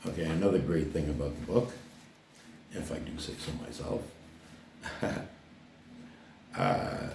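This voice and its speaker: A man's voice: rumbling low, big pitch swings, slow, vocal fry, long pauses, a little mellow, a little hiss or hum. An older man from Canada, an author talking casually to camera about his book, rambling with many fillers and restarts. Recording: roomy echo, distant mic.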